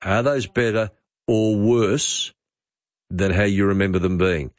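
A man in his fifties with an Australian accent, hosting talkback radio with chatty quick asides. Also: lowish voice, no echo. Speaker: radio host. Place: radio studio. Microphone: studio mic. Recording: slightly dull dry studio sound.

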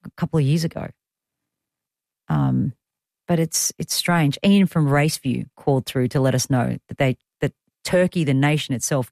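A woman's voice: low voice, darkish tone, no echo, clean studio sound. A woman with an Australian accent hosting talkback radio, chatty and teasing, often joking with callers and her producer. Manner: chatty, teasing, quick to joke. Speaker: radio host. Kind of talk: casual talkback radio chat. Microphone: studio microphone.

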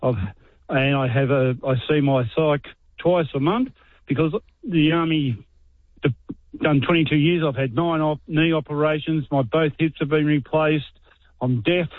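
A middle-aged Australian man calls in on a tinny, narrow phone line. His voice sits fairly high, and he sounds weary and aggrieved, halting as he talks. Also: steady tone, no echo. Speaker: caller, army veteran. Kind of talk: talkback phone call.

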